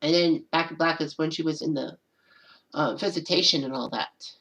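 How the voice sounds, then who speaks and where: A woman's voice: low voice, moderate pace, fairly bright tone, low-quality recording. A woman hosting her own channel, talking alone in a rambling casual way and often repeating "and all that.". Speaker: channel host. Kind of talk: casual solo commentary.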